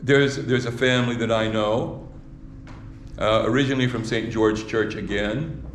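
A man's voice: mid-range voice, fairly even intonation, normal speed, slight background noise. Man preaching in an echoey church. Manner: repeats words, asks the congregation rhetorical questions. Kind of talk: sermon. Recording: echoey hall with faint ambience.

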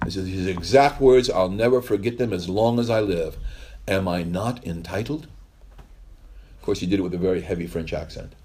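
A man's voice: low-pitched, fast talker, few pauses, mellow, a little hiss or hum. A male pastor giving a conversational sermon, telling stories in a rambling way with wry asides.

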